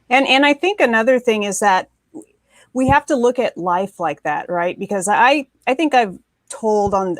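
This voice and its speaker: A woman's voice: medium pitch, a bit bright, no room sound. A woman on a panel, talking with emphasis and repeating words for stress, heard over a video call. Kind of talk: animated panel discussion.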